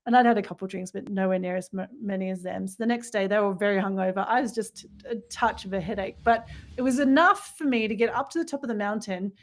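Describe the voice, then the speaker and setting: A woman's voice: medium pitch, fast talker, few pauses. Rambling reflective woman podcaster. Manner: rambling, reflective, many fillers and restarts. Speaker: podcast co-host. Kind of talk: casual spiritual chat.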